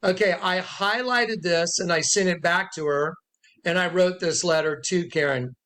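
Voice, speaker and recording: A man's voice: high voice, moderate pace, a bit bright. A man telling a rambling, emphatic personal testimony to camera, repeating himself and acting out what others said. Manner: emphatic, repeats himself, acts out quotes in a raised voice. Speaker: self-styled prophet recounting a dispute.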